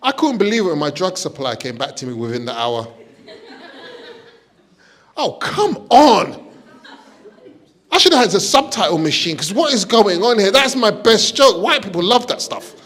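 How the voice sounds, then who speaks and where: A man doing a stand-up comedy set, deadpan setups with loud high punchlines. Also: a little fast, hardly any pauses. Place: stage before a live audience.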